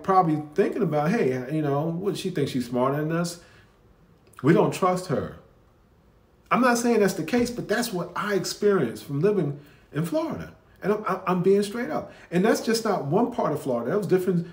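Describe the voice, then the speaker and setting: A man's voice: sits high, echoey room. A man with a Northeastern US accent reacting to a video, talking candidly and conversationally, often restarting and repeating himself. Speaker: commentary video host. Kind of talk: reaction commentary.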